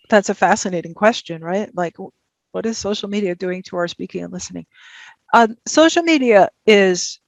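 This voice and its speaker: Gravelly older woman speaking on a video call. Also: fairly low pitch, dry recording. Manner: rambling, self-interrupting, thinks aloud with many fillers. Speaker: guest speaker. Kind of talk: conversational talk and audience Q&A. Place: home office.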